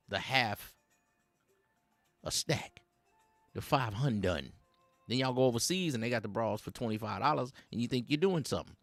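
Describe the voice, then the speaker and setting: A man delivers street-slang dating advice like a sermon, his pitch swinging up and down all the while. The voice is close and dry, with faint music underneath. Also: gravelly, dry recording. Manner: streetwise slang, preachy and rambling; animated, chuckles between points. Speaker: host. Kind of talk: satirical dating advice monologue.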